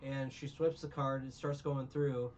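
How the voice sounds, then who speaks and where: A man's voice: mid-range voice, little pitch movement, a little slow, a little mellow, far from the mic, dull audio, a little hiss or hum. A man recapping a film in casual chat, rambling and sarcastic, with many restarts. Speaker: podcast co-host recapping a film.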